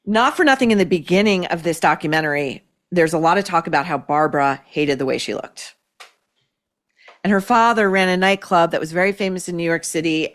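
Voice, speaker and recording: A woman hosting an opinion show, delivering blunt, sarcastic, profane commentary. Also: fairly low pitch. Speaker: podcast host.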